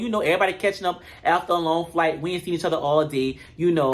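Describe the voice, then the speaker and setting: A brash, gossipy recapper runs through a reality show with profane comedy and blunt opinions. The voice sits at a middle pitch and talks straight to the audience. The tone is loose and chatty. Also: fairly even intonation, quick pace, hardly any pauses, a bit bright.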